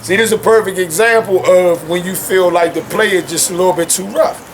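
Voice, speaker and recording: A young man's high voice comes through a little fast, with a faint hiss or hum. As a guest chatting casually at home with his dogs, he's animated and slangy, working "man" into nearly every thought.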